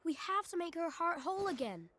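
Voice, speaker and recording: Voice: extremely high pitch, very animated, fairly quick, pushed and bright, no echo, full character voice. A woman voicing an earnest, polite young boy hero in a game cutscene. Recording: game audio with music.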